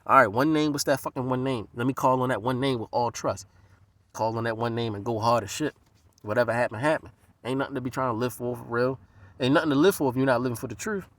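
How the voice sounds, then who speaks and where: A man from the US East Coast giving a casual, profane, streetwise monologue, animated and jumping into other people's voices as he talks. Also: mid-range voice, no room sound.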